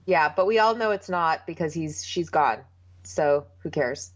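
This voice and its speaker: A woman's voice: deep voice, measured pace, dry recording. A woman co-hosting a casual podcast, chatting as she recaps a reality show and moves the story along. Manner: chatty, keeps the recap moving. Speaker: podcast co-host. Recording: dull, lo-fi sound.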